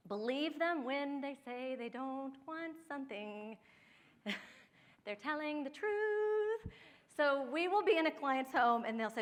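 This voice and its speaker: Heard in a big room, this high-pitched, expressive voice moves at an unhurried pace. It belongs to a forties-aged Ohio woman who specializes in downsizing and home organization, giving a chatty workshop talk where she shares personal stories, laughs a lot, and speaks straight to the crowd.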